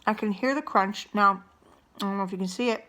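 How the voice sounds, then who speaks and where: A middle-aged woman with a bright, clear voice leads a mindful eating demonstration. She speaks slowly and gently, sometimes with her mouth full as she chews. Her pitch sits in the middle range for a woman. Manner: slow, gentle, unhurried guidance; eats and chews while talking. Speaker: wellness coach.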